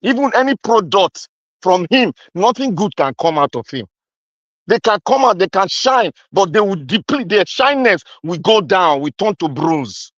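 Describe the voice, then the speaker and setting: A man's voice: high-pitched, sing-song, moderate pace, a bit bright, no echo, muffled recording. A Nigerian man delivering an impassioned, accusatory political rant, repeating his points with heat. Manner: fiery, accusatory, repetitive. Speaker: commentator.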